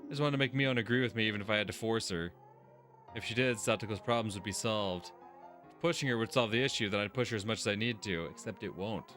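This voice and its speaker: A man's voice: on the low side, fast talker, a bit bright, soft background music. A man hosting a let's-play video, reading game text aloud and reacting with exasperation and heavy swearing. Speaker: gaming video host.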